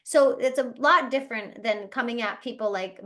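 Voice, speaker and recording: A woman's voice: a little high, a bit bright. Upbeat woman coaching her sales team. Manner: chatty, acts out other people in quick bursts. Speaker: travel agency owner leading team training. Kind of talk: casual motivational training talk.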